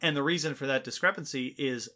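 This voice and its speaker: Guy cohosting a science podcast, bright tone, relaxed chatty explainer. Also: medium pitch, fast. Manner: playful, explains with lists and asides. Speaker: podcast co-host. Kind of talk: casual educational chat.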